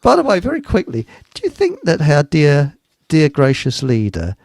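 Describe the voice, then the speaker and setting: A man's voice: on the high side, huge pitch swings, moderate pace, gravelly, a little mellow, no echo. A middle-aged man, hosting a live online show in a rambling, jokey chat and laughing at his own jokes. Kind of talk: casual chat.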